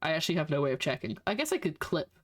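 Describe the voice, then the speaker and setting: A woman's voice: low voice, very animated, very fast, no echo. A woman streaming a game, commenting casually and sarcastically, exasperated at the characters. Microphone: desk microphone. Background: game audio.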